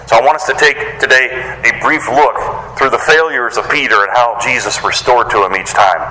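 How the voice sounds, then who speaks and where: Animated male preacher in an echoey hall. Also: fairly quick, slight background noise. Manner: animated, acts out quoted voices in a higher pitch; casual wording with playful slang. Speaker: pastor. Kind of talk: sermon.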